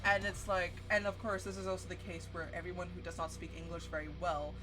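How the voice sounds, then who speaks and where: A woman in her twenties streaming, telling a story in a casual, animated and profane way. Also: lowish voice, quick pace. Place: home streaming setup. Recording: stream audio with music underneath. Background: background music.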